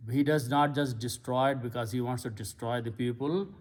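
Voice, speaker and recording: A man's voice: mid-range voice, fairly even intonation, moderate pace, a little mellow. A man giving a patient, step-by-step lecture on Arabic grammar and vocabulary. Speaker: Quran Arabic teacher. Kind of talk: slow explanatory lecture.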